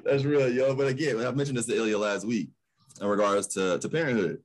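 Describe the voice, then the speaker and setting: A man in his thirties from Ohio hosting a podcast, relaxed and slangy, asking questions and swearing casually. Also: mid-range voice, fairly quick. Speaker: podcast host.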